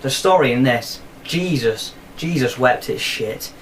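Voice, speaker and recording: A man's voice: medium pitch, expressive, measured pace, far from the mic, a little hiss or hum. A young man hosting a film review show, recapping the plot in a rambling, sweary, jokey way.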